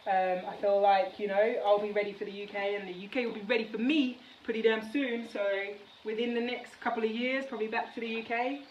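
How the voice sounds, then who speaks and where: A woman's voice: fairly high pitch, fairly even intonation, a little fast, hardly any pauses, muffled recording, slight background noise. A woman from the United Kingdom chatting casually in a cooking vlog from her home kitchen, rambling with many fillers. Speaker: vlogger. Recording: roomy kitchen, mic at a distance, faint background.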